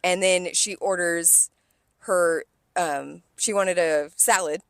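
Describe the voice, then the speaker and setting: A woman's voice: on the low side, takes it slowly, dry recording. A woman co-hosting a podcast, telling a story about a rude restaurant customer in casual chat, swearing a lot and acting out the quotes. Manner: animated, profane venting with acted-out quotes. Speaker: podcast co-host, server.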